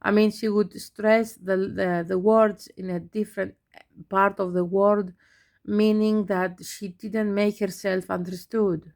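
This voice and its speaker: A young adult woman whose first language is Greek, a language teacher giving an unhurried, explanatory talk to camera with small laughs. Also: medium pitch, level tone, a little mellow.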